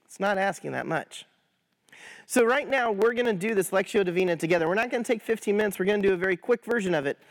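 A man guiding viewers through a scripture meditation, talking to them directly and encouragingly, then slowing into a soft, prayerful reading. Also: sits high. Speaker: pastor leading a guided prayer.

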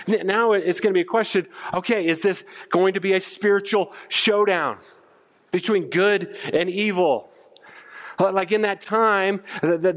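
Animated pastor, high-ish voice. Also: male voice. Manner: animated, stammers on restarts, acts out quoted voices. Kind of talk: sermon.

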